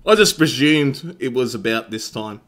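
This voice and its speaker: A man's voice: medium pitch, lively intonation, normal speed, fairly bright tone. A young Australian man hosting a game tournament live-stream, chatting casually with his viewers and swearing freely.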